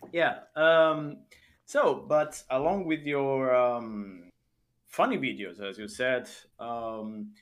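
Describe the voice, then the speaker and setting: A male podcast host asks his guest questions in a casual interview, often pausing to search for words. His voice has a middling pitch and comes through plain and clear. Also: animated. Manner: halting, searching for words, frequent fillers.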